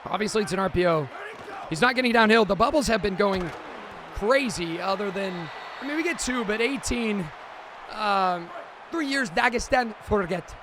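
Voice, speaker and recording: A man streaming a video game, giving excited play-by-play commentary and exclaiming loudly at big moments. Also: high voice, normal speed, crowd noise, background noise. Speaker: gaming streamer.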